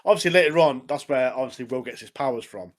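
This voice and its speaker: A man's voice: mid-range voice, fast talker. A young man co-hosting a podcast, chatting casually, agreeing and laughing easily, repeating "obviously" and "mate.". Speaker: podcast co-host. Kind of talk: casual chat.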